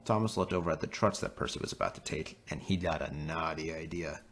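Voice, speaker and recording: A man narrating a toy train story in an expressive storybook reading. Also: extremely low pitch, fast talker.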